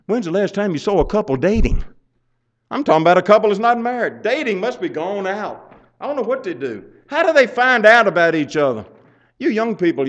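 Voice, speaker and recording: Older pastor telling funny stories in a sermon, kinda high voice, muffled lo-fi sound. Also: male voice. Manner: storytelling, chuckling, rising to loud exhortation. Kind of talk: folksy sermon.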